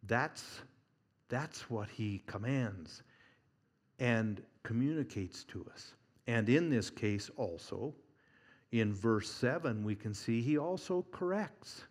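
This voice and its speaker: A man preaching a sermon, conversational and humorous, swinging from loud emphasis to hushed near-whispers and chuckling at his own points. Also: mid-range voice, lively intonation, takes it slowly, breathy edge.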